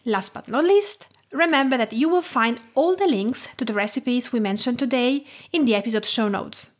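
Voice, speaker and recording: A woman in her thirties from Tuscany with an Italian accent, calmly narrating her podcast in a measured, sometimes hushed way. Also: a little high. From Tuscany, Italy. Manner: calm, measured storytelling, often soft and hushed. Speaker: podcast host.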